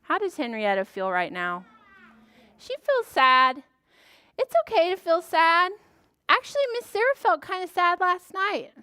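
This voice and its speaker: A woman librarian leading a preschool story time, animated and sing-song, gasping in surprise as she talks to small children. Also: very high voice, moderate pace, no echo.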